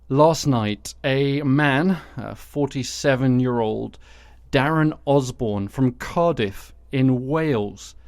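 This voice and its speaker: A male podcast host delivering satirical news commentary with sarcastic, dry asides. His voice sits at a middle pitch and is recorded close and dry, with no room sound. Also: a little mellow, no room sound.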